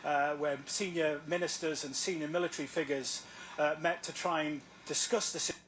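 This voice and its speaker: A man reporting the news in a measured, formal broadcast style. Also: on the high side, steady tone, a bit bright. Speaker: news correspondent.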